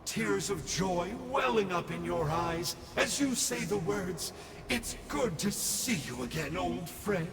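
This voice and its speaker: A man's voice: high-pitched, expressive, slow pace, gravelly, exaggerated voice. An actor playing a smug, treacherous male villain in a video game, speaking in a theatrical, sly and mocking way. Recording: long reverb game audio. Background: game music.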